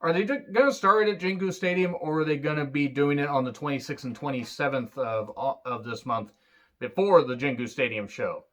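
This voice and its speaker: A man giving a casual solo wrestling review, excitable and rambling, swearing freely. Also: fairly high pitch, a little fast.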